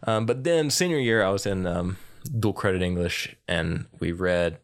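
A man's voice: sits low, moderate pace. A young man co-hosting a podcast, chatting casually in a rambling, easygoing way full of fillers. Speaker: podcast co-host. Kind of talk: casual chat.

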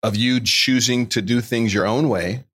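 A man's voice: medium pitch, moderate pace, a bit bright, husky. A man hosting an interview, encouraging his guest with brief affirmations and questions. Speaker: host. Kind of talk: interview chat.

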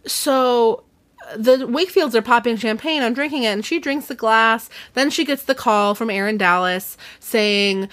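A young woman in casual podcast chat, with a voice that sits a little high. She retells a story in a lively way and acts out the characters' lines. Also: unhurried. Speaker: podcast co-host. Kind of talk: casual book discussion chat.

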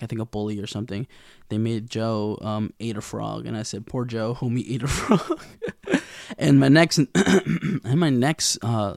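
A man's voice: on the low side, dry recording, clean studio sound. A young man casually recapping a TV episode in a slangy, rambling way, acting out the characters' lines. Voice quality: gravelly, with vocal fry.

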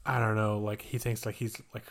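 A man's voice: on the low side, fairly quick. A young man co-hosting a podcast, telling a story in casual chat and jumping into the voices of the people in it. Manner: animated storyteller, acts out kids' voices. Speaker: podcast co-host.

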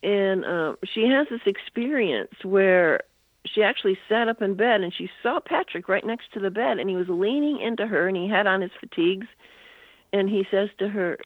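An older woman, a guest author, tells a long story during an interview, sprinkling in "you know" asides. She speaks briskly at a medium pitch. The recording is dry and comes over a tinny phone line.

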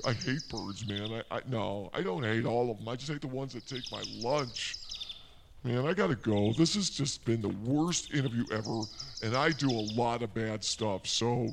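A man's voice: medium pitch, normal speed, creaky, slight background noise. A man hosting a comic show, ranting in exasperation in a forest preserve. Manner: exasperated, rambling rants. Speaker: comedy show host. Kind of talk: comic outdoor monologue.

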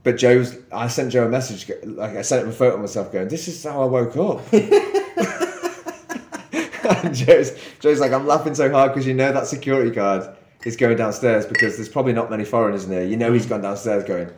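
A man's voice: mid-range voice, quick pace, a little hiss or hum. Give me a young man co-hosting a podcast, chatty and rambling, laughing as he talks, with a roomy echo. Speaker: podcast co-host. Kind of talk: casual storytelling chat.

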